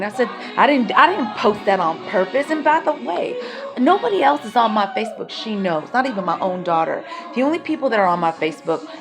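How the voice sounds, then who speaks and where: A woman venting in a raw personal vlog, heated and confrontational, swearing as she airs her grievances. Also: mid-range voice. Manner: heated, confrontational, swearing, rising and falling in intensity. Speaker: vlogger. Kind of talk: emotional personal vlog rant. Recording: music playing behind the voice.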